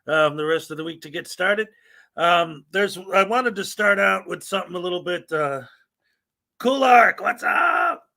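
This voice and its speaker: Upbeat high-voiced male streamer. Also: vocal fry, pushed and bright. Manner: rambling, upbeat, reads out chat names. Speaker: livestream host. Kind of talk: casual livestream chat greeting viewers.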